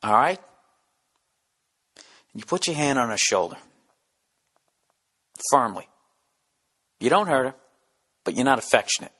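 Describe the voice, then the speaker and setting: A man hosting a solo podcast, rambling and ranting with lots of swearing and acting out little scenes. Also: mid-range voice. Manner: profane, ranting, acts out bits in character voices; drops to a hushed near-whisper in acted scenes. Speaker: podcast host.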